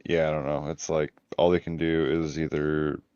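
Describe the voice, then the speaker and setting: A man's voice: a bass voice, flat delivery, moderate pace, darkish tone, clean tone, no echo. A man in casual livestream chat, swearing and rambling as he searches for words. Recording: dull lo-fi audio.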